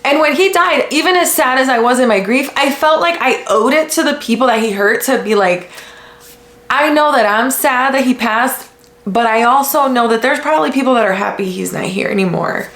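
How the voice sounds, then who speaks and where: A woman from the United States hosting a podcast, talking in a blunt, casual way with lots of swearing and animated retellings. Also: sits high, normal speed. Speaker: podcast host. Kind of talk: casual commentary. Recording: echoey room.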